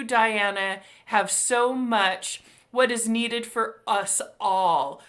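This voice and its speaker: Woman hosting an online author chat, bright voice, super effusive, reads out comments. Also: mid-range voice. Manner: effusive, gushing praise; reads viewer comments aloud. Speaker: host. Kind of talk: live online book talk.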